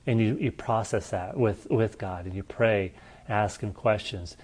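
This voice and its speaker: A man preaching a conversational sermon, earnest, moving between lively storytelling and quiet reflection. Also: on the low side, measured pace.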